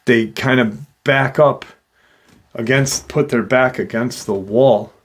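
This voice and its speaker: A man's voice: medium pitch, slow. A man hosting a paranormal channel, casually retelling a witness's encounter with loose fillers.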